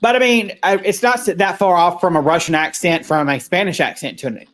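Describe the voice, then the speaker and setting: A man's voice: high voice, brisk, a bit bright. A man co-hosting a casual podcast, talking in a rambling, blunt way and swearing freely. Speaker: podcast co-host. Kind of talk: casual chat.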